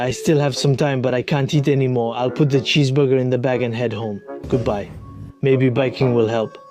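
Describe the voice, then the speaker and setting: A young man vlogging a food challenge, tired and overfull, narrating with self-mocking jokes and dramatic complaints. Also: medium pitch. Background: music.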